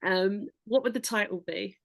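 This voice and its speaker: A woman's voice: medium pitch, normal speed, creaky, no echo. Affirming woman hosting a podcast interview. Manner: warm, affirming, giggly. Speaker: podcast host. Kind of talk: interview questions and reactions.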